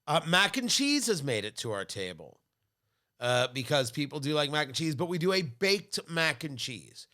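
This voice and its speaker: A man's voice: fairly high pitch, moderate pace. A middle-aged man co-hosting a casual podcast chat, telling food stories with enthusiastic, playful bursts. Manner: animated, enthusiastic storytelling with playful outbursts. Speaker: co-host.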